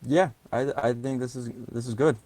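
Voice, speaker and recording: A man's voice: mid-range voice, fairly even intonation, normal speed, darkish tone, dry recording. A man playing a tabletop game who talks hesitantly, jokes and swears. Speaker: player. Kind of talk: casual tabletop play.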